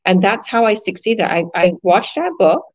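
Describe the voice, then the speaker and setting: A woman's voice: mid-range voice, animated, moderate pace, darkish tone, no room sound, lo-fi sound. A woman business coach talking energetically in a casual group chat, rambling with fillers and restarts. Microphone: video call.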